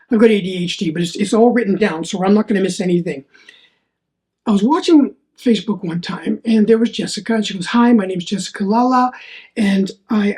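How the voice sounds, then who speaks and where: A man's voice: sits high, a little mellow. A man hosting a solo faith podcast, telling a personal story in an earnest, rambling way and often repeating his words. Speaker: podcast host.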